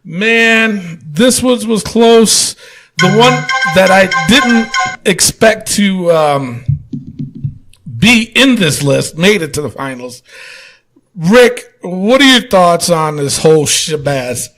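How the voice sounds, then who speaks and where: A man's voice: high-pitched, lively intonation, slow, fairly bright tone, faint music behind. A man hosting a casual wrestling podcast, joking around, laughing often and swearing casually. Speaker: podcast host.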